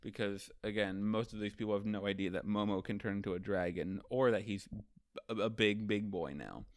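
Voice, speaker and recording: A man's voice: fairly low pitch, fairly even intonation, a little fast, no echo, clean studio sound. A man hosting a casual manga ranking show, recapping chapters in a loose, profane, chatty way and acting out the characters' lines.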